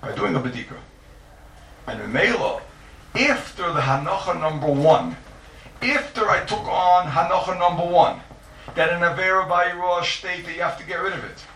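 A man's voice: high voice, expressive, moderate pace, a bit bright, slight background noise. A man teaching a Talmudic lecture, emphatic and repetitive, posing rhetorical questions and stressing his points. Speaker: Torah teacher. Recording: echoey room, distant mic.

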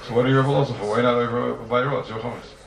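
A man teaching a yeshiva-style Talmud class to students, animated and firing rhetorical questions at them. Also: medium pitch, quick pace, creaky. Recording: roomy, distant mic, noisy ambience.

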